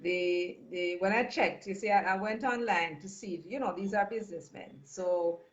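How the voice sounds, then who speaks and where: A woman's voice: lowish voice, normal speed. Jamaican woman on a dull lo-fi line. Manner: hesitant, restarts and fillers while explaining. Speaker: guest. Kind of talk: phone-in discussion.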